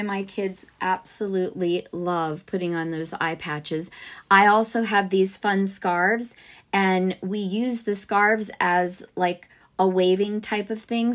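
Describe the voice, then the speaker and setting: Woman host, mid-pitched, chatty and upbeat, podcast advice for teachers. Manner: chatty, upbeat, lots of asides.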